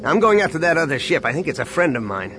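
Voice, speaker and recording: A man voicing a gruff, grieving starship captain and father, speaking low, quiet and cold. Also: fast. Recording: steady background noise.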